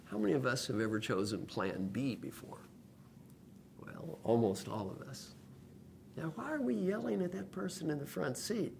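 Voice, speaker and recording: A man's voice: mid-range voice, normal speed, vocal fry, a little hiss or hum. An older man, an executive coach, speaking in a lecture-style video blog and telling stories with acted-out quoted voices. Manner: animated storyteller who acts out quoted voices.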